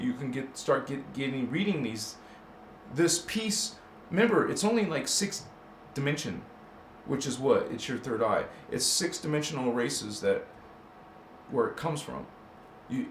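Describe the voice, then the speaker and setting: A man talks loosely into a desk microphone in a room that rings with echo, with faint hiss underneath. He rambles, restarts his sentences and presses his points with preacher-like emphasis. He keeps a middling pitch throughout. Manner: rambling, emphatic preaching with self-corrections and chuckles. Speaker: livestream host. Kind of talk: casual spiritual livestream talk.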